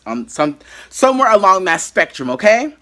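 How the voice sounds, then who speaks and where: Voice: medium pitch, very animated, moderate pace, fairly bright tone. A YouTuber telling a dramatic story from their bedroom, with lots of asides to the viewers. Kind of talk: storytime vlog.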